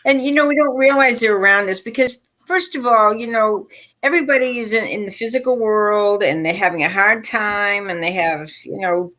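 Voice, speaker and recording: A woman hosting a livestream of psychic readings, explaining things calmly and reassuringly. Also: medium pitch, moderate pace. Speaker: host and psychic reader. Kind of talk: livestream chat.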